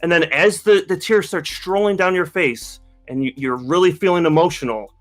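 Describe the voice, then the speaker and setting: Bright-voiced sarcastic man. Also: fairly high pitch, normal speed, soft background music. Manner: sarcastic, mocking. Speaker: YouTube host. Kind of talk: casual chat.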